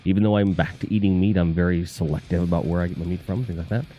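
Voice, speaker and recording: A man's voice: low-pitched, fast talker, muffled recording, soft background music. A man from the Northeast US, hosting a casual live stream, reading chat comments in a rambling, profane, jokey way.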